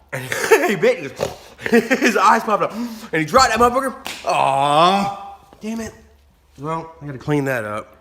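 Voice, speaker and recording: A man talks to his camera in a loose, rambling vlog, laughing between sentences and swearing freely. His voice sits high for a man and has a bright, sharp edge. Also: big pitch swings, normal speed, slight background noise. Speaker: vlogger. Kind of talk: casual vlog storytelling.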